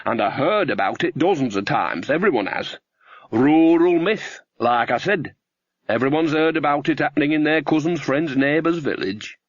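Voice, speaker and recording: A man's voice: on the high side, lively intonation, moderate pace, dry recording. Male reader as a gossipy old country witch woman, cheerful and earthy, a little raised, dull dry sound. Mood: chatty. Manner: chatty, homely, country-folksy.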